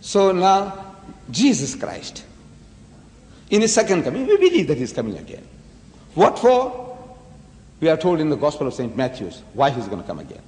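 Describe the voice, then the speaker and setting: A man's voice: on the high side, wildly swooping pitch, moderate pace, long pauses, darkish tone. A man giving a dramatic religious lecture full of rhetorical questions. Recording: echoey hall.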